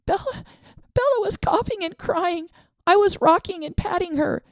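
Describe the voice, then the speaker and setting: A woman voicing a frightened high-pitched aunt. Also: very animated, normal speed, gravelly, warm tone, dry recording, studio quality, heavily acted. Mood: panicked. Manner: soothing, then panicked. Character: frantic aunt, a young woman caring for children.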